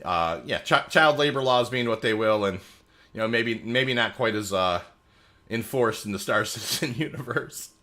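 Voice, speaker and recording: On the low side and at normal speed, this man's sharp-toned voice belongs to a thirtysomething gamer on a livestream. He rambles casually with plenty of fillers, reading chat messages aloud and answering them as they arrive.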